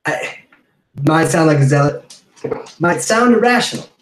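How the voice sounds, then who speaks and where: Male podcast host, heated profane ranter, slightly high pitch, roomy echoey sound. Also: animated, unhurried. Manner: profane, heated, rambling with restarts. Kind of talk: casual rant.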